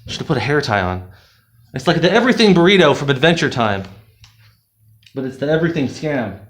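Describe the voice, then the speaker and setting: A man's voice: fairly high pitch, big pitch swings, a little fast, a bit bright. A man reviewing a product in a casual, rambling, sarcastic rant full of fillers. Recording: roomy echo.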